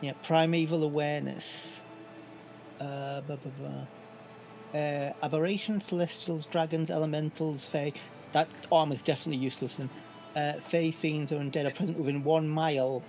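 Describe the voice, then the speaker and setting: A man's voice: fairly high pitch, steady tone, brisk, a little mellow, soft background music, rough recording. A man playing a tabletop game, chatting casually and breezily explaining his character's abilities. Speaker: player.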